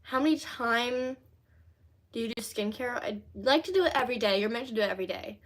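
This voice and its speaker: A woman's voice: a little high, brisk. Bubbly teen girl livestreaming. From Louisiana. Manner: chatty, rambling, bubbly with many fillers. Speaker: livestream host. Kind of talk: casual livestream chat reading comments.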